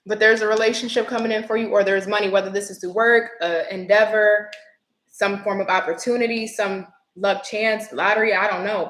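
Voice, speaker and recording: A woman doing a live-stream tarot reading, chatty and expressive, greeting viewers by name. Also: mid-range voice, roomy sound, poor audio. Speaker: tarot reader.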